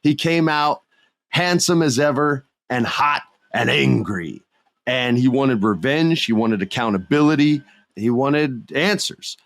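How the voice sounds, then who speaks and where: A man's voice: mid-range voice, expressive, unhurried, a bit bright, dry recording. A man from the United States hosting a podcast, talking in a laid-back, slangy way and telling stories with energy. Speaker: podcast host. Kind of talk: casual chat.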